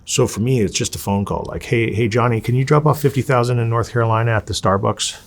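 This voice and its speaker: A man from Los Angeles, an interview guest, telling his story in a casual, animated way. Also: mid-range voice, quick pace. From Los Angeles, USA. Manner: animated, acts out quoted dialogue.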